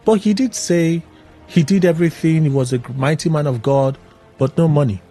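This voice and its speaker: A man hosting a radio show, recapping in an animated, exclaiming way. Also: on the high side, normal speed, soft background music. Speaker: radio host. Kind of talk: casual radio commentary.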